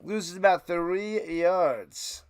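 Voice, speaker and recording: Guy doing casual play by play on his stream, high smooth voice, jokey, gets hyped on big plays, dry close mic. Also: drawn-out words, no echo. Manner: chatty, jokey, calls plays in bursts of excitement. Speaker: livestream play-by-play host. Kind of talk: casual play-by-play watch party commentary.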